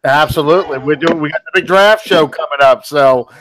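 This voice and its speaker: A man's voice: on the high side, fairly quick, a bit bright, poor audio. A man hosting a casual sports podcast, wrapping up the show in an easygoing way. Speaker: podcast host.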